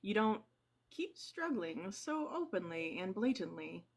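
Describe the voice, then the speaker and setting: A woman co-hosting a live stream, speaking in a measured, pointed, lecturing way. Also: medium pitch, very animated, vocal fry. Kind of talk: casual live stream debate.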